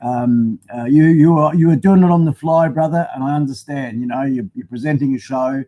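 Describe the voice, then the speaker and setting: A man's voice: medium pitch, a little fast, highs cut off. An Australian man hosting a casual live stream, chatty and matey as he greets viewers by name. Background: faint music.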